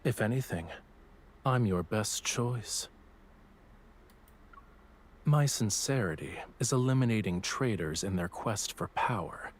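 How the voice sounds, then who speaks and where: An actor playing a calm, commanding young male ruler in a game, speaking slowly and low with quiet menace. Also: a little hiss or hum. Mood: menacing. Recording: game audio over clear music.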